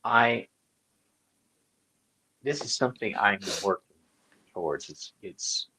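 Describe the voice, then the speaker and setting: Deep husky man, blunt and wry. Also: expressive, takes it slowly, sharp tone, low-quality recording. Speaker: host, tarot reader. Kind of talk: casual live-stream interview. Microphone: live-stream mic.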